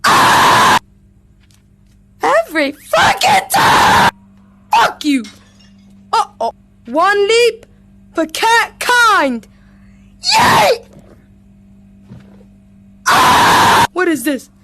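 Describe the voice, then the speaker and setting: Very high-pitched woman, lively swoops, loud profane yelling, meowing, noisy recording. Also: very slow, long pauses. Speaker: VR gamer. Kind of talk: let's-play commentary. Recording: audible background noise.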